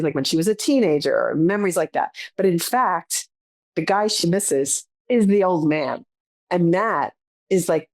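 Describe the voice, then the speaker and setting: A woman's voice: fairly low pitch, darkish tone. A middle-aged woman co-hosting a podcast, talking in a fond, rambling, reflective way. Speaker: podcast co-host. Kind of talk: casual chat.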